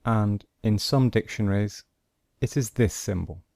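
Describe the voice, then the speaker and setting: A man teaching English pronunciation, explaining sound symbols and saying example words one at a time with pauses between them. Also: on the low side, gravelly, darkish tone, dry recording, studio quality. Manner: slow and deliberate, pausing between example words. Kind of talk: slow instructional explanation.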